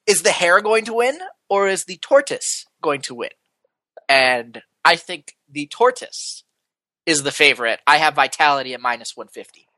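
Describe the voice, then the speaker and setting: Bright, dry-sounding playful podcast co-host. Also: medium pitch, expressive, moderate pace, no room sound. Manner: playful, jokey. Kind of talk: casual esports betting chat.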